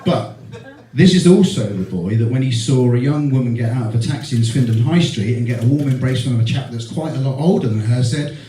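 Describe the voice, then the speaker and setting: At a wedding reception full of guests, a middle-aged best man gives a speech that's both teasing and heartfelt. His voice is medium-pitched, mellow, and fairly quick, captured from a distance in an echoing hall with crowd noise.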